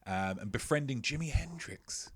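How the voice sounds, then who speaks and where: A man's voice: medium pitch, lively intonation, moderate pace, fairly bright tone, slight background noise. A man hosting a live-streamed quiz, joking playfully and mocking himself as he rambles, often stumbling and repeating his phrases. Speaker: quiz host.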